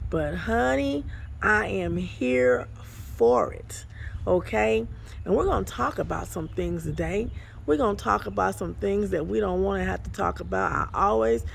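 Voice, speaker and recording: Woman preacher, casual devotional talk, very slow, heavy vocal fry, folksy, says honey and y'all. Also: mid-range voice, a little hiss or hum. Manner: folksy and exclamatory, calls listeners honey and y'all. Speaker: apostle and ministry overseer. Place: outdoors by water behind an apartment complex. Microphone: phone camera, self-filming.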